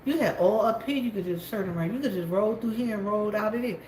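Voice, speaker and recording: A talkative woman gossiping and laughing between loud teasing calls to a coworker. Her voice sits in a middling register and bounces around a hard, echoey room. A faint hum of background noise runs beneath her. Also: mid-range voice, fast talker. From South Carolina, USA. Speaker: vlogger. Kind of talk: casual chat to viewers. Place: inside a gas station store, at work.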